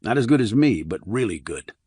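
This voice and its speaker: A man reading the part of a calm, blunt male army investigator, terse and level. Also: on the low side, a little fast, slightly rough, no room sound, clean studio sound. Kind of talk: audiobook character reading.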